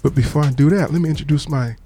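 Male podcast host, casual chat, mellow voice, playful. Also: fairly high pitch, quick pace, soft background music. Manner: laid-back, playful, repeats himself.

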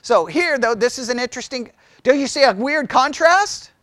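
A middle-aged man leading a Bible study, chatty and animated, often asking the group questions. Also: very high voice, moderate pace, dry recording.

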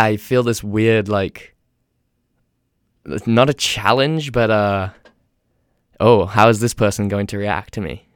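A young man from England with an English accent softened by years in North America, talking in a casual, rambling, self-deprecating monologue. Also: on the low side, smooth, dry recording, studio quality.

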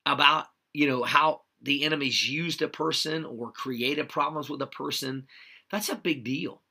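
A man delivers a livestreamed sermon in a slow, deliberate cadence, his voice gravelly with a bright, forceful edge. He drives every point home by repeating it and checking in with "okay?", and he stops now and then to greet viewers by name. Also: a little high. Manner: emphatic, repeats key points with frequent "okay?". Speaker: preacher.

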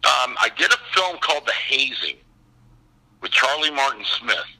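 A man in his sixties tells a story from his career in a husky, strikingly bright voice, his pitch swinging widely as he acts out the other people in it. He talks like a casual interview guest. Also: animated, normal speed, poor audio. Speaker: actor guest. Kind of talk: casual anecdote telling.

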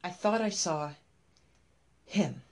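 A woman voicing a weary young man who pleads tensely at a police front desk, in a low voice. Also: animated, slow pace, darkish tone. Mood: strained.

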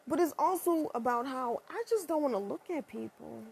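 A woman ranting in a blunt, profane and sarcastic monologue, leaping up and down in pitch. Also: brisk. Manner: animated, with sudden pitch jumps.

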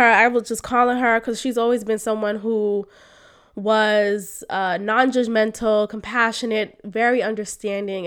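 A woman hosting a podcast, telling a personal story in a frank, emotional way, with slang and sudden loud outbursts. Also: medium pitch. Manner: emotional, animated, swings to loud exclamations; frank, uses slang and swearing. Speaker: podcast host.

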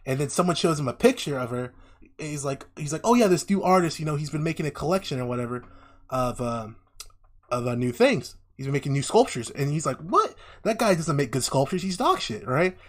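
A young man in casual chat, retelling a story with lively acted-out voices and lots of swearing. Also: fairly high pitch, a little fast. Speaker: podcast co-host. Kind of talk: casual chat, animated retelling of an anime plot.

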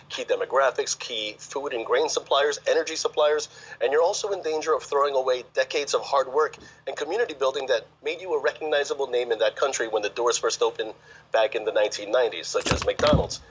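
A man's voice: mid-range voice, slightly rough, lo-fi sound. A man reporting as a financial correspondent on a live news link, speaking in a confident, emphatic way.

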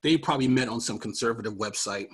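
Ny guy hosting a politics podcast, husky, jokey, laughing a lot, goes off on tangents. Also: mid-range voice, fast, a bit bright. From New York. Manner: joking, laughs often, rambling asides. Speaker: podcast host. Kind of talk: casual political commentary.

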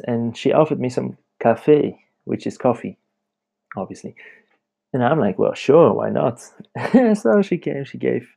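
A man's voice: medium pitch, creaky, mellow. A young man hosting a casual late-night podcast from home, rambling and chatty, laughing often as he talks. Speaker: podcast host.

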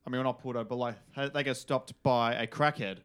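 A man's voice: mid-range voice, steady tone, fast, fairly bright tone, clean tone. Hesitant New man storytelling. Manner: hesitant, many ums and restarts. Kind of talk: casual improvised storytelling.

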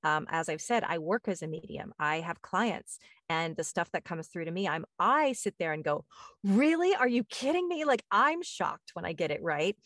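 Lively, lowish-voiced woman podcast host, dry close sound. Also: normal speed, hardly any pauses, no echo. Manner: animated, acts out quoted voices with high pitch jumps. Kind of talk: casual conversational storytelling.

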